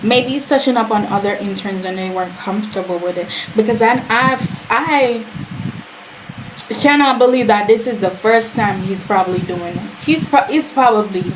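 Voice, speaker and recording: A woman giving a casual, animated and sassy review of a series, full of slang and quoted reactions. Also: medium pitch, moderate pace, noisy background.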